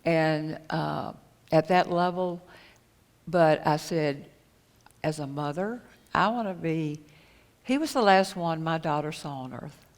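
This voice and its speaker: Middle-aged woman w a low voice telling her story on stage, earnest n halting, echoey hall. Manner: earnest, halting, retells conversations. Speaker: conference speaker. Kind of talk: personal storytelling talk. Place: conference hall. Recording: echoey hall with long reverb.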